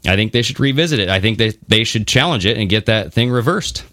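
Male podcast co-host, low and sharp-toned, animated casual delivery, dry studio sound. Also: quick pace, no echo. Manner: animated, swearing, mocking voices. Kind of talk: casual conversational podcast talk.

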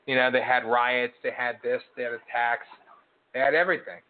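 A man's voice: medium pitch, fairly even intonation, brisk. Ranting man on a phone-like line. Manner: ranting, emphatic lists. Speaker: co-host. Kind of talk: political commentary chat. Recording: phone-like narrow sound.

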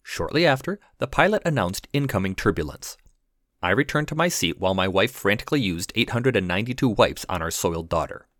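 A man who is an ER physician and podcast host, telling a scripted funny story with wry, deadpan delivery. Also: on the low side, brisk, no echo, studio quality.

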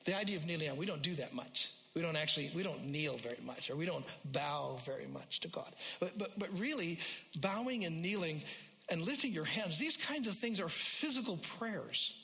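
A man preaching a sermon as a pastor, repeating phrases for emphasis and rising loud and high when he quotes scripture. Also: animated, moderate pace, creaky. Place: church sanctuary. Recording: long hall reverb.

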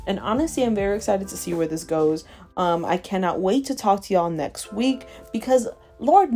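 A woman's voice: mid-range voice, expressive, normal speed, mellow, soft background music. Emphatic Southern woman podcaster. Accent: Southern American. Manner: emphatic, ranting, repeats for emphasis. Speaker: podcast host. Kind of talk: solo podcast rant.

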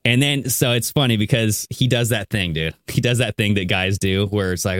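A man's voice: on the low side, moderate pace, no echo, clean studio sound. A man hosting a casual podcast chat, telling a story with lots of laughs and "dude". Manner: animated storyteller, laughs often, says "dude".

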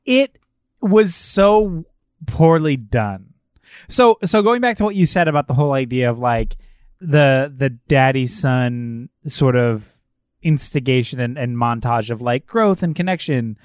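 A man's voice: mid-range voice, a little slow, no echo, clean studio sound. Sarcastic, ranting young man. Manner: sarcastic, profane ranting, frequent restarts. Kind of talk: casual film review chat.

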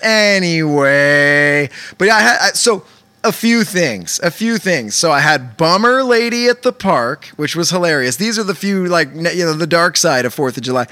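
A man chatting casually, telling a lively profane story with plenty of swearing. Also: on the high side, moderate pace, clean tone. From Southern California. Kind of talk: casual chat.

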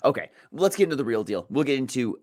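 A man's voice: mid-range voice, very animated, quick pace, darkish tone, dry recording, studio quality. A man co-hosting a sports betting show, giving his picks in a chatty, self-deprecating way. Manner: chatty, self-deprecating, repeats words while thinking. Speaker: sports betting podcast co-host. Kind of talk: casual betting picks chat.

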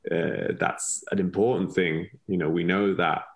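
A man's voice: low-pitched, fairly even intonation, unhurried, creaky. A man with a European accent, talking reflectively as an interview guest, often laughing and repeating words while he searches for them. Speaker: interview guest, former ballet colleague and mentor. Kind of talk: reflective conversational storytelling.

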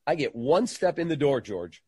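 A man's voice: fairly high pitch, moderate pace, breathy edge, no echo, studio quality. A middle-aged man, a guest in an interview, telling a story and acting out the people in it. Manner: animated storyteller who acts out quoted voices.

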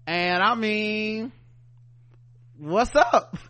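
A man's voice: high-pitched, drawn-out words, sharp tone, clear, resonant tone. A man co-hosting a podcast, recapping a show animatedly, laughing often and acting out the characters in slang. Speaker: podcast co-host.

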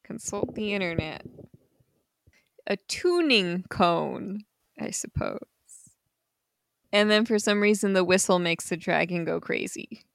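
A woman's voice: mid-range voice, expressive, measured pace, vocal fry, pauses often, dry recording. A woman co-hosting a podcast, recapping a comic in casual chat with unsure asides and easy laughs. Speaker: podcast co-host.

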